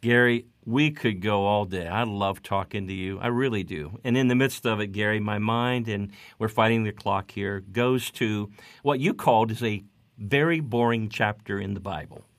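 Low-voiced, dry-sounding male host. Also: dry recording. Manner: eager, quick prompting of the guest. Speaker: radio host. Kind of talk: faith-based radio interview.

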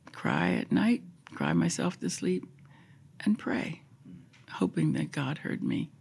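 A woman's voice: medium pitch, creaky, darkish tone. An older woman sharing her life story as an interview guest, emotional and at times dropping to a whisper. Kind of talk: personal testimony in an interview.

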